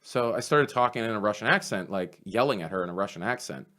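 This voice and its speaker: A comedian, telling stories in a casual podcast chat, animated and swearing freely. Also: male voice, lowish voice, fast. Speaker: comedian guest.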